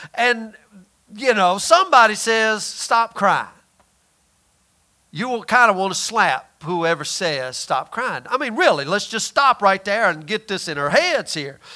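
A man preaching a sermon who asks the listeners questions and answers them himself, drawling some phrases slowly for emphasis. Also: sits high, pushed and bright.

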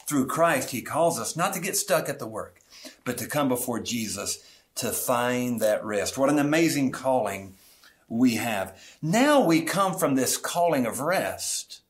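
A middle-aged man, a pastor, preaching a sermon in an earnest way, stretching key words slowly for emphasis. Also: medium pitch, expressive.

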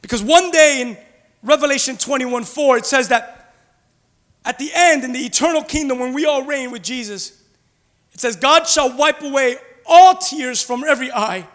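A man preaching an Easter sermon as a pastor, dropping to hushed low passages and rising to loud urgent ones. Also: normal speed. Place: church. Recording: hall reverb.

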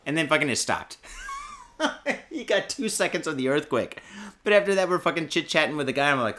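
Man, podcast host, casual storytelling, profane, excitable, forceful bright voice, slightly high. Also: fairly quick. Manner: profane, excitable, heavy filler words. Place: podcast studio.

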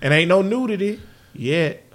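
A man's voice: high-pitched, expressive, normal speed. A man hosting a podcast, talking in loose, joking banter and laughing often. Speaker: podcast host.

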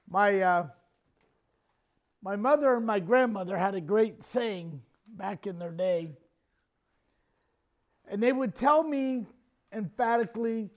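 High-voiced preacher guy, folksy storytelling sermon, chuckles a lot. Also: animated, takes it slowly, pauses often. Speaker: pastor.

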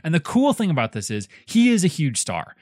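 A man's voice: on the high side, brisk, no echo, studio quality. A man co-hosting a podcast, chatting casually about a book in a rambling way with many fillers. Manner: animated, rambling with fillers and restarts. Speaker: podcast co-host reviewing a book. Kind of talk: casual chat.

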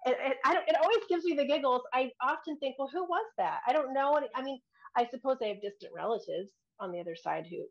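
A woman recounts a personal experience in casual conversation. She talks in an excitable, chatty way and giggles easily. Her voice comes through slightly dull and lo-fi. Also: high-pitched, fast talker. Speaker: member asking questions. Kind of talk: casual chat.

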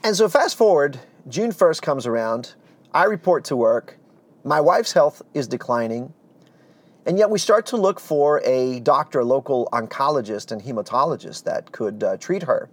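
Earnest man telling his story, lively pitch. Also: normal speed, no room sound. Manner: earnest, animated, drops to a hush for heavy moments. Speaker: speaker giving a personal testimony. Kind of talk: storytelling testimony.

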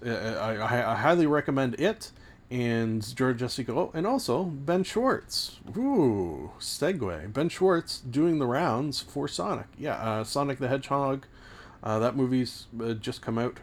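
A man in his late thirties hosting a solo podcast, rambling casually with stumbling restarts and self-mocking asides. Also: medium pitch. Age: late 30s. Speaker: podcast host.

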